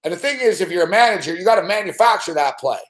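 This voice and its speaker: A man's voice: high-pitched, lively intonation, fast talker, a bit bright, roomy sound. A man ranting and swearing constantly as host of a live sports betting show. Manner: swears constantly, rants in frustrated outbursts. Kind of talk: profane live-stream rant.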